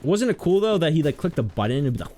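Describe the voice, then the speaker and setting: A man's voice: fairly high pitch, very animated, fast, warm tone, slight background noise. Chatty young man streaming a game. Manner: chatty, rambling, self-mocking. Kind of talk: casual gameplay commentary.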